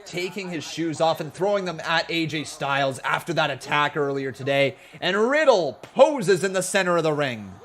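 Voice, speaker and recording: Excitable, jokey male streamer. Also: fairly high pitch, normal speed, few pauses. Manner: excitable, jokey, self-mocking. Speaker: wrestling watch-along streamer. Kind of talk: live-stream reaction commentary.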